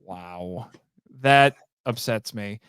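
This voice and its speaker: Easygoing man with a smooth voice. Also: lowish voice, drawn-out words, a bit bright, no echo, clean studio sound. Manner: easygoing, laughs often. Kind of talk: casual livestream chat.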